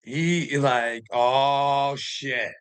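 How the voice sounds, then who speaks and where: A man with a clean, medium-pitched voice that draws out his words tells his story while ranting to a friend in casual chat. He's agitated, swears heavily, and laughs often between lines. The audio quality is poor.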